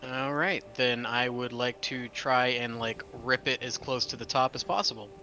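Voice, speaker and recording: Bright-voiced male tabletop player. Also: mid-range voice, level tone, moderate pace, soft background music. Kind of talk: tabletop game banter.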